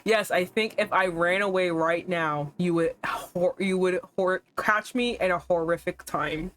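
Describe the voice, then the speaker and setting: A woman streaming a dating game, reading its text aloud and reacting with animated, laughing remarks. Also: fairly low pitch, a little slow, a little hiss or hum.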